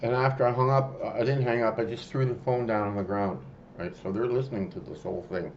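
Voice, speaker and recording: Halting, rambling male storyteller. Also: medium pitch, fairly even intonation, highs cut off, slight background noise. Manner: rambling, halting, with many restarts and fillers. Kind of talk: casual spoken storytelling.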